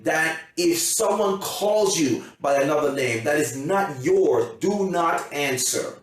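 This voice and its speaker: Emphatic coach in a very echoey hall. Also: male voice, a little high, expressive, takes it slowly. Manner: emphatic, repetitive, keeps checking the audience understands. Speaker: motivational coach. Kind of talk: motivational seminar talk. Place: seminar room. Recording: heavy echo, from a distance.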